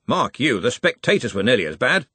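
A man voicing a blustering, bossy older male head wizard who talks in a loud, gruff and impatient way. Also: mid-range voice, sing-song, fairly quick, no echo, exaggerated voice.

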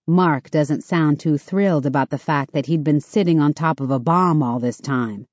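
A woman narrating a first-person audiobook in a steady, measured way. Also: sits low, no room sound. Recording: dull, dry studio recording.

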